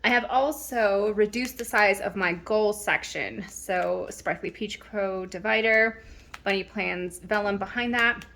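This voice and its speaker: A woman's voice: medium pitch, unhurried, a bit bright. A woman in her thirties casually chatting through her planner in a vlog, rambling a little with ums and restarts. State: slightly out of breath. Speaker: planner vlogger. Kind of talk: casual show-and-tell vlog. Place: home.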